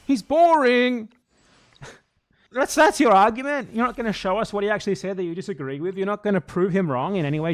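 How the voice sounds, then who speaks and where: A man hosting reaction commentary, exasperated and argumentative, swearing often as he rebuts. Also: high-pitched. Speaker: commentary channel host.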